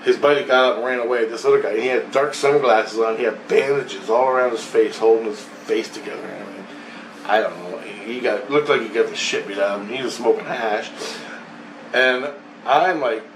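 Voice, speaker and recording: A man's voice: mid-range voice, brisk. A man telling a long dream story in a profane, rambling way, laughing between phrases. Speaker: vlogger recounting a dream. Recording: roomy echo, far from mic, faint hiss.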